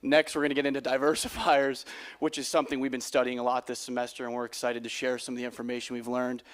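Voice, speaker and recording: A man's voice: mid-range voice, level tone, quick pace. A young man, a college student, explaining an agenda in a plain presentation to an audience. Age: young adult.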